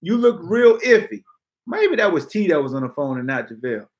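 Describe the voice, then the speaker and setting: High-voiced man ranting about sports. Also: brisk. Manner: animated, blunt, slangy ranting. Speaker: podcast host. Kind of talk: casual sports talk rant.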